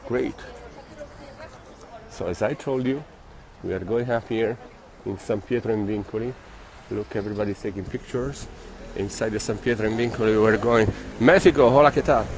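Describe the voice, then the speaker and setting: A man's voice: fairly low pitch, moderate pace, a little hiss or hum. A man, hosting a casual outdoor livestream, reading out and thanking viewers' comments as he walks, a bit out of breath. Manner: reads viewer comments aloud and thanks them. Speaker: livestream host. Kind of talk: casual livestream chat while walking. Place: outdoors on city streets.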